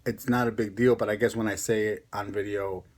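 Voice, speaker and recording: A man's voice: on the low side, flat delivery, fairly quick. A young man with a Connecticut accent, chatting casually on a vlog in a rambling, self-mocking way. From born in Mexico, raised in Connecticut. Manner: rambling, chatty, laughs at himself. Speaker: ASMR vlogger. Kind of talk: casual chat.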